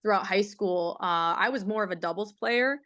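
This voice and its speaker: Smooth-voiced young woman, relaxed chat. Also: medium pitch, normal speed, no echo. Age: young adult. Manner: repeats words, fillers, laid-back. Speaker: college athlete guest. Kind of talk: casual interview chat.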